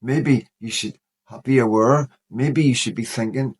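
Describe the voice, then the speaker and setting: A man's voice: medium pitch, fairly even intonation, measured pace, breathy edge. A man in his fifties talking straight to camera in a personal commentary vlog, earnest and worried, often saying "you know". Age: 50s. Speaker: vlogger.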